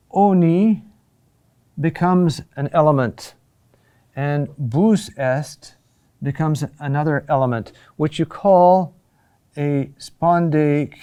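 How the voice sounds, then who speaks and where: A man teaching a recorded lesson on Latin chant, explaining patiently and often checking in with a quick "huh?". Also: on the high side, a little mellow, smooth, highs cut off.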